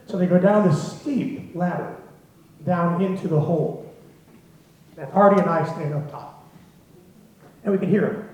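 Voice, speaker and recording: A man's voice: sits high, measured pace, pauses often. Male storyteller in a big echoey hall. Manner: lively, chuckling storyteller. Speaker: storyteller at a symposium. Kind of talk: spoken anecdote to a live audience. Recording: very echoey hall, dull lo-fi sound.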